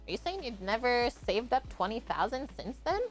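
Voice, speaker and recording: A woman's voice: a little high, very animated, normal speed. Woman, from Canada, live-stream cooking chat, chatty, thanks viewers, faint background music. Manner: chatty, thanks viewers by name, laughs often.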